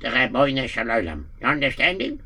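A man's voice: mid-range voice, big pitch swings, brisk, sharp tone, husky, exaggerated voice. A man voicing a nervous village innkeeper with a Yiddish accent, stammering and fretting in an amateur radio play. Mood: fretful. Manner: anxious, frets aloud with many stammered fillers. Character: worried male village innkeeper, nervous and fretful.

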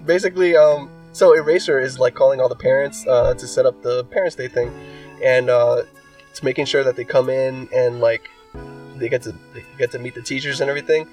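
A man's voice: medium pitch, steady tone, fairly quick, a little mellow, recorded from a distance, faint music behind. A man co-hosting a casual podcast chat. He rambles and packs his talk with "like" and "um". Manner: rambling, filler-heavy with many likes and ums. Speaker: podcast co-host.

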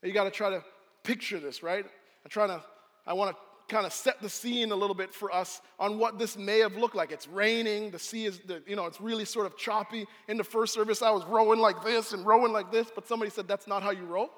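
A man preaches with a high, bright voice, acting out the scene he describes. His words ring through a large room with a long reverb trailing behind them. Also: a little fast. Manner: animated storyteller, acts out scenes. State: out of breath. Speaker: pastor. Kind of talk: sermon.

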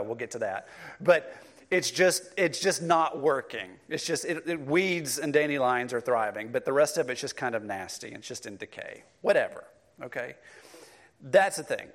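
Middle-aged male pastor, conversational sermon delivery, addresses the congregation. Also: mid-range voice.

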